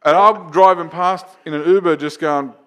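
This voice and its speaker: A man, a comedian chatting on a podcast and telling lively, profane anecdotes. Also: a little high, normal speed, clean tone. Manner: animated, profane anecdotes with acted-out quotes. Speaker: comedian and open mic host. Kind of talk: casual podcast storytelling.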